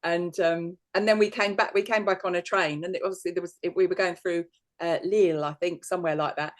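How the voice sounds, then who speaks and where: A man's voice: sits high, fairly even intonation, brisk. A man, a psychic medium, telling rambling stories in casual chat and laughing often.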